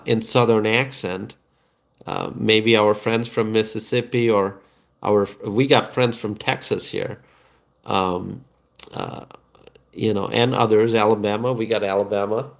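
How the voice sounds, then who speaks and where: A middle-aged man, hosting a casual live stream and chatting to viewers, halting and full of fillers and restarts. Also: fairly low pitch, creaky. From Bangladesh.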